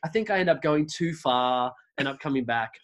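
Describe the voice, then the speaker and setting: An Australian man with an Australian accent, a podcast creator appearing as a guest, tells rambling stories in a casual interview chat, restarting often. His mid-range voice is expressive and a bit bright, and he speaks a little fast.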